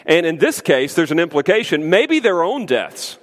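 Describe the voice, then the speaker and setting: A man preaching a sermon as pastor, emphatic and conversational, with lively asides to the congregation. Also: a little high, normal speed. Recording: long hall reverb.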